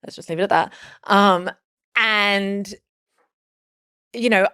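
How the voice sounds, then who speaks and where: A woman's voice: medium pitch, fairly even intonation, slow pace, bright, forceful tone, clear, resonant tone, dry recording, studio quality. A woman talking as a podcast guest, telling a personal story casually and rambling with lots of "like" fillers and restarts.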